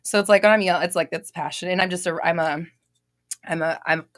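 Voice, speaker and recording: Woman, young adult, live stream host, casual chat, energetic, swears casually, lowish voice, dry sound. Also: fast talker, no echo. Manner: loud, expressive, laughs often, swears casually.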